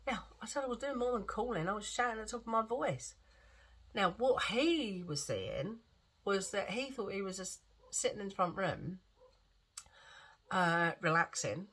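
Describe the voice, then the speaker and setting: A woman's voice: medium pitch, lively intonation, normal speed, a bit bright, husky. A woman with a lingering cough, rambling and repeating herself as she tells a story in a chatty vlog. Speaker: vlogger.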